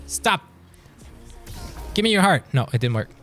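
Excitable swearing male game streamer. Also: mid-range voice, rapid-fire, faint music behind. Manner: swears and talks back to enemies, excitable. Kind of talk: live gameplay commentary.

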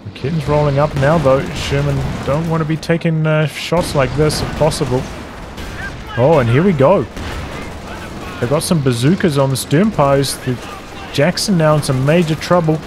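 A man giving rapid play-by-play commentary on a strategy game as its caster, with exasperated outbursts. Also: a little high, over music. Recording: noisy game audio underneath. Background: game sounds: gunfire, artillery, vehicles.

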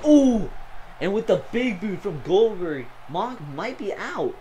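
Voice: medium pitch, slow, slight background noise, poor audio. A gamer calling a wrestling video game match play by play, exclaiming often and talking to the wrestlers on screen. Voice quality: excitable, full of gasps and "oh"s.

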